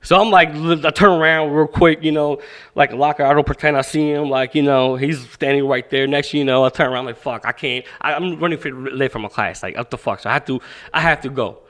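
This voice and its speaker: A man whose voice sits on the high side talks fast as a podcast guest. He coaches boxing and tells stories in a casual, profane, animated style, acting out quoted speech in this interview storytelling.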